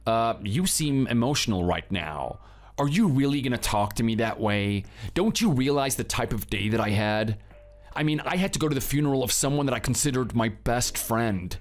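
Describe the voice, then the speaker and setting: A man's voice: medium pitch, animated, normal speed, soft background music, lightly acted. A man playing a husband in a dramatized story, curt and defensive toward his partner. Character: cold, defensive young husband.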